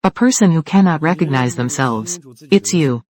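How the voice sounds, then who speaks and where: Here a dubbing voice plays multiple rivals in a corporate drama, trading short, confrontational threats over control of a company. The sound is mid-range and darkish, near an everyday voice, with lively intonation and moderate pacing.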